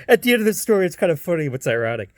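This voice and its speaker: A man's voice: a little high, no echo, studio quality. A man telling a rambling family story in a casual way, laughing often as he talks. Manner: lively and animated.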